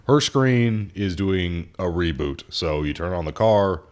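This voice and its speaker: A man's voice: a little slow, clear, resonant tone. A young man, a podcast co-host, casually telling a story about a customer at his car shop. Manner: animated, acts out customer in high voice.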